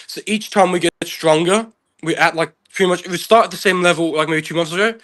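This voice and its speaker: A man's voice: sits high, quick pace, fairly bright tone. A young man, an arm wrestler guest, talking in a rambling, casual, self-deprecating way. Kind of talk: casual chat.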